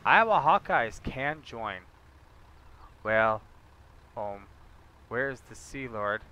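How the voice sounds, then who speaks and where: A man's voice: mid-range voice, sing-song, extremely slow, sharp tone. A man chatting casually with his viewers while livestreaming a game, joking and talking to them by name. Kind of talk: casual gameplay livestream chat.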